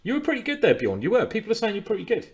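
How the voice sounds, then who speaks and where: A man's voice: high-pitched, wildly swooping pitch, very fast. A man coaching chess on a live stream in a chatty, playful way, often repeating his words. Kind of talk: casual live-stream commentary.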